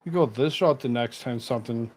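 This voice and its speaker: A man hosting a live stream, chatting casually with his viewers, rambling and halting, with many fillers and restarts. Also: mid-range voice, darkish tone. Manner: talks to chat viewers between asides.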